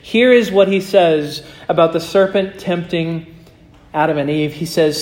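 A male pastor preaching a sermon and closing in prayer, earnest, slowing and softening his voice for emphasis. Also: on the high side.

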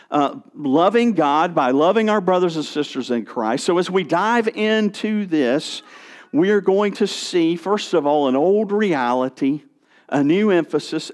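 Lively, high-voiced male preacher. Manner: expressive preaching with rising and falling emphasis, some restarts. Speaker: pastor. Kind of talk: sermon.

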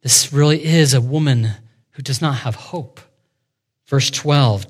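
A man preaching a sermon, explaining scripture verse by verse, sometimes dropping to a hushed voice for emphasis. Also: mid-range voice, slow pace. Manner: expository preaching with dramatic dips to a hushed voice. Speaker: pastor.

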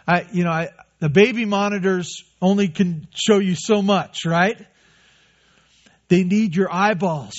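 A man preaching a sermon as pastor, earnest and conversational, often repeating a phrase for emphasis. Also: high voice. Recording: dull lo-fi recording.

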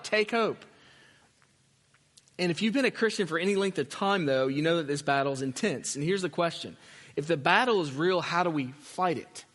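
A pastor with a high-pitched, slightly bright voice preaches a sermon earnestly and emphatically, repeating his key phrases. Long hall reverb fills the recording.

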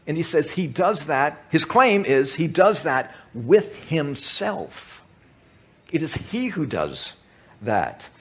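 Husky-voiced man teaching a Bible class. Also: on the high side. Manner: conversational, repeats words and asks the room questions. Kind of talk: teaching talk to a group. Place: meeting room with a large group.

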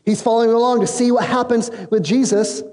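In a large hall with an audience and long reverb, a male pastor with an extremely high-pitched voice preaches briskly. He delivers his sermon like a casual story, using slang and vividly acting out the characters he quotes.

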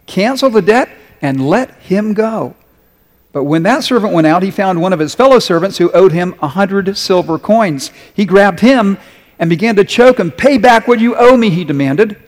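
A man's voice: high-pitched, expressive, moderate pace, long reverb tail. A male pastor delivering a sermon, talking conversationally and asking his congregation questions as he reads and explains a story. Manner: conversational preaching with rhetorical questions.

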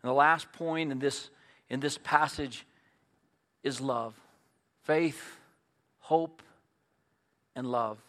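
A middle-aged man preaching a sermon as pastor, folksy and storytelling, moving between loud emphatic points and quiet earnest asides. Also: mid-range voice, slow pace, pauses often.

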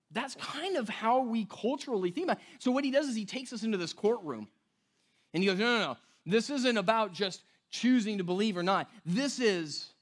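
A man preaches in a loose, chatty way, his fairly high voice jumping up and down as he acts out the people in his stories. He keeps checking in with his listeners and slows down to lean on key words. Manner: casual, conversational preaching with frequent "right?" and "like"; animated storytelling, acting out quoted voices. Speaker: pastor. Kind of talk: sermon.

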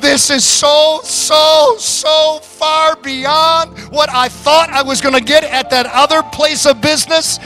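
A man's voice: very high voice, slow, hardly any pauses, pushed and bright, faint music behind, pitched above the performer's own voice, full character voice, low-quality recording. A man, a preacher, voicing an overjoyed male churchgoer who exclaims breathlessly about his good news. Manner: breathless, rising, exclaiming in wonder.

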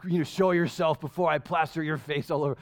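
A pastor mimicking an outraged male neighbor with a gruff, indignant tone. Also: a little high, steady tone, fast, pitched below the performer's own voice, close to an everyday voice.

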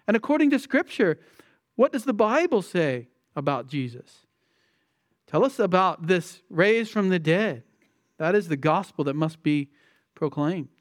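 A man with a high voice preaches an expository sermon in a close, dry sound. He stresses his points by repeating phrases and putting rhetorical questions to his listeners. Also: dry recording.

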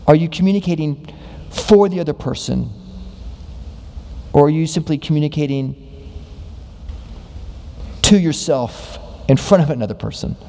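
A man preaching a sermon, asking many rhetorical questions and acting out quoted voices with big pitch jumps. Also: dark tone. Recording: long hall reverb.

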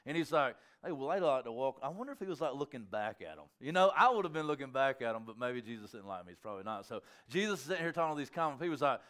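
Male preacher, conversational sermon delivery, lively rising and falling voice. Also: mid-range voice, very fast, hardly any pauses. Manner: animated, conversational, with frequent restarts and asides to listeners.

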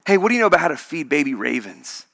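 A preacher playing God as a calm, gently teasing male deity who speaks low and softly. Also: rapid-fire, gravelly, exaggerated voice. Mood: curious. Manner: low, soft and conversational.

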